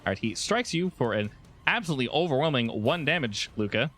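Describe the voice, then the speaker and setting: A man's voice: mid-range voice, quick pace. A man with an ordinary mid-range voice narrates a tabletop game as its game master. He talks loosely and often restarts his sentences. Faint music plays behind him. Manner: relaxed, with frequent restarts and fillers.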